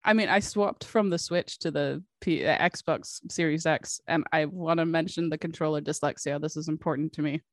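Podcast co-host, woman, slightly low voice, giggly and casual, dry recording. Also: moderate pace, hardly any pauses, dry recording. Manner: laughs often, chatty and loose. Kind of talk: casual chat.

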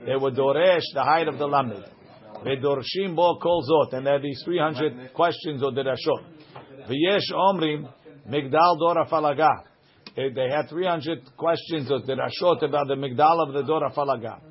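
A man's voice: fairly high pitch, normal speed. A man teaching a Talmud class, reading each phrase of the text and then explaining it line by line. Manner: reads Aramaic text then translates it line by line. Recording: dull lo-fi recording.

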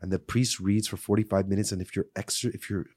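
A man with a husky, slightly breathy voice chats casually on a podcast. He tells stories with plenty of swearing and lively build-up. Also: sits low, fast. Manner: swearing, animated storytelling with acted-out quotes. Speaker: podcast guest.

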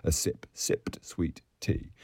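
A man reading a novel aloud in an expressive, musical way, dropping to a whisper at times. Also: takes it slowly, no room sound. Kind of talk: audiobook narration.

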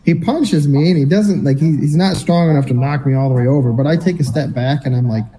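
A man with a mellow, darker tone co-hosts a casual podcast. He tells a personal story in an animated way and acts out the voices of the people in it. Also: fairly high pitch, brisk, poor audio. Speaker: podcast co-host.

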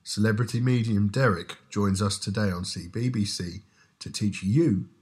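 A man doing dry, measured mock-documentary narration. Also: fairly low pitch, darkish tone, lightly acted.

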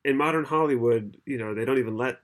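A male podcast co-host talking in a relaxed, chatty way, with a voice sitting in the middle of the male range. He explains things at length and laughs easily along the way. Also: mid-range voice, fast talker. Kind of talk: casual chat.

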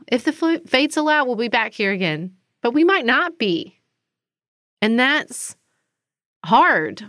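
Slow, earnest woman with a smooth voice. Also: medium pitch, a bit bright, dry recording, clean studio sound. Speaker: podcast co-host. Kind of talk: reflective chat.

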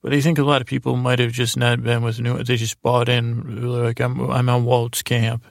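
This podcast host's mid-range voice is flat, paced moderately, and tinged with vocal fry, recorded cleanly in a studio without room sound. His sleepy episode recap wanders, keeps correcting itself, and renders characters' lines only loosely.

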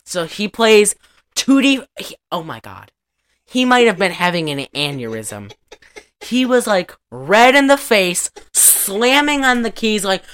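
A woman's voice: on the low side, expressive, measured pace, clean tone. Rambling young woman recapping a movie. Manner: rambling, many "like" fillers, acts out lines from the film. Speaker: podcast co-host. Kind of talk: casual movie recap chat.

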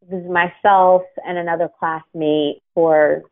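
A woman's voice: lowish voice, little pitch movement, measured pace. A woman with a General American accent, a podcast host talking casually and laughing often. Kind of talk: casual conversation. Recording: tinny phone-like audio.

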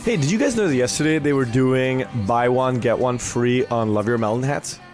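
Man, podcast co-host, teasing banter, relaxed delivery. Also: mid-range voice, normal speed, faint music behind. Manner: teasing, jokey. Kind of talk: casual chat.

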